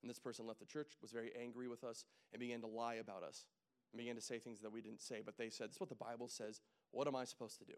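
Man, pastor, casual sermon, jokey asides, loud emphatic peaks, mid pitch. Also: little pitch movement, quick pace. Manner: casual, joking, builds to loud emphatic preaching.

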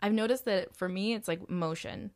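A woman's voice: mid-range voice, brisk. A young woman hosting a casual spiritual chat, talking loosely with lots of "like" and frequent swearing. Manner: chatty, swears freely, many fillers.

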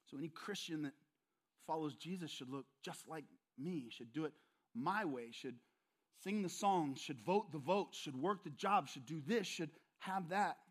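A male pastor preaching a sermon, emphatic and repetitive, often speaking straight to his listeners. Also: a little high.

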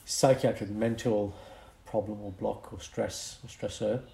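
A young man with a lowish voice co-hosts a relaxed podcast. He explains medical topics with lively, animated energy. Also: unhurried, vocal fry, slight background noise. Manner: explanatory, animated, breaks into mock accents for fun. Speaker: podcast co-host, doctor. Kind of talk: casual podcast chat.

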